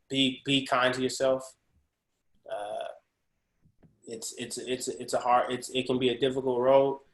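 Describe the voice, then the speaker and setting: Man, actor guest, slangy, animated, roomy echo, video call. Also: mid-range voice. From Portland, Oregon, USA. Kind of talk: casual webinar interview.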